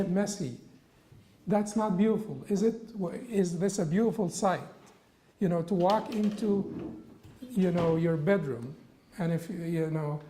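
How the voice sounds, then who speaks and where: A man giving a religious classroom lecture, halting with frequent restarts and rhetorical questions. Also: high voice, warm tone, echoey room, a little hiss or hum, low-quality recording.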